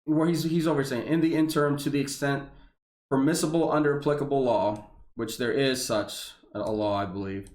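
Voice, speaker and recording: A man's voice: mid-range voice, steady tone, fairly quick, a little mellow. A man reading a government memo aloud and ranting about it, heated and profane, stumbling over restarts. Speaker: veteran reacting to a government memo. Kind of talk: angry ranting commentary. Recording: echoey room.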